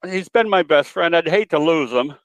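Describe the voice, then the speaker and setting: Guy putting on a squeaky fretful lady voice, pleading and upset, dry close sound. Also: animated, moderate pace, no room sound. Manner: pleading, rising high. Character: fretful older lady pleading over her pet bird.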